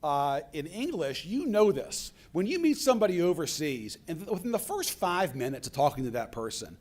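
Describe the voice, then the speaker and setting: A man's voice: a little high, moderate pace. A man giving a storytelling speech at a business conference, acting out the dialogue he quotes. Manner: animated, acts out quoted dialogue. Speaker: keynote speaker. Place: conference hall.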